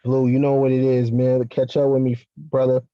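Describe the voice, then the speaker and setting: A man chatting as a guest on a talk show, animated and slangy, with lots of fillers. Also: mid-range voice, moderate pace, dry recording, muffled recording. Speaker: podcast guest. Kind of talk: casual conversation.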